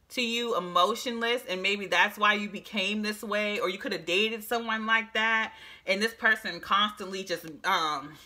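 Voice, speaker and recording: A woman giving a casual, emphatic psychic tarot reading, talking straight to the viewer with frequent restarts and a slightly hoarse voice. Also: medium pitch, pushed and bright. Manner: chatty, emphatic, restarts often. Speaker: tarot reader.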